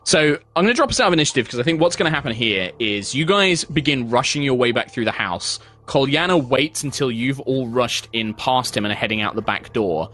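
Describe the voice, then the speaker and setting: A man's voice: medium pitch, expressive, a little fast, hardly any pauses, pushed and bright. Man narrating as game master. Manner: descriptive, flowing with frequent fillers.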